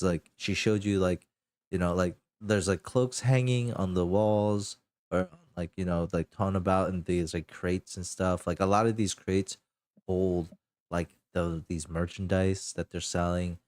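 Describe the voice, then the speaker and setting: A man's voice: deep voice, fairly even intonation, a little slow, darkish tone, dry recording. A man narrating a tabletop game as game master, rambling with lots of fillers.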